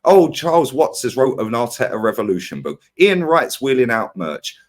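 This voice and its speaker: A man's voice: mid-range voice, normal speed. A man ranting in a heated football fan debate, firing rhetorical questions at his co-host. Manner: ranting, animated, rhetorical "yeah?" and "right?".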